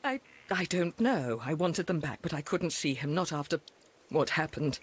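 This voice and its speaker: An upset wife in a video game, shaky and tearful, low voice with big swings in pitch. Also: female voice, expressive, moderate pace, slight background noise. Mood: defensive. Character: distraught young wife under suspicion. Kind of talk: video game character dialogue.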